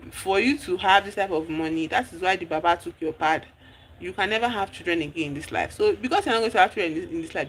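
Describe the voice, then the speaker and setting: A woman's voice: on the low side, creaky, a bit bright, a little hiss or hum. A woman streamer, chatting animatedly as she recaps a movie in a casual livestream, sprinkling in slang.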